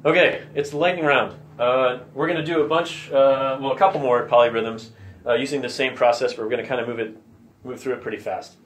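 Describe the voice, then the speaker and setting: A man teaching drums, explaining patiently step by step and counting beats out loud. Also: mid-range voice, steady tone, brisk, a little hiss or hum. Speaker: drum teacher. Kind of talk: instructional explanation.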